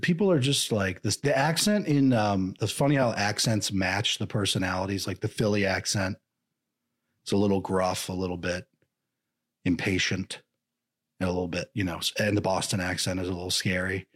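A man's voice: low voice, moderate pace, slightly rough. A man co-hosting a podcast, chatting casually and animatedly, sometimes slipping into joking voices. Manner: animated, slips into mock voices. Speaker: podcast co-host. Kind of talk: casual chat.

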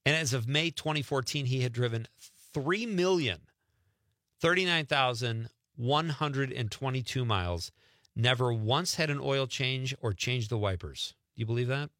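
A man's voice: medium pitch, lively intonation, normal speed, fairly bright tone, no echo, clean studio sound. A man hosting a radio show in casual, joking chat, often laughing. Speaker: radio host.

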